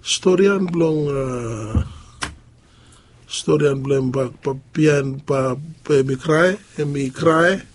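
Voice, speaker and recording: A man preaching a sermon, halting and pausing often. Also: a little high. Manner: halting, with many pauses and fillers.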